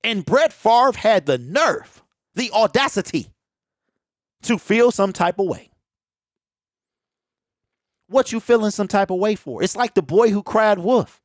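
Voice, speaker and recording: A man's voice: high voice, unhurried, pauses often, dry recording, studio quality. A man giving a fired-up, opinionated solo sports commentary, talking straight to his viewers in loose slang, recorded on a desk mic at home. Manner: animated, preachy, talks straight to viewers with slang. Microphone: home desk mic that pops.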